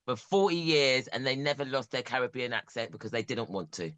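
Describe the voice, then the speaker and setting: A man's voice: medium pitch, expressive, brisk, a bit bright, no echo. A British man, a comedian guest on a podcast, chatting casually and teasing with dry banter. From United Kingdom.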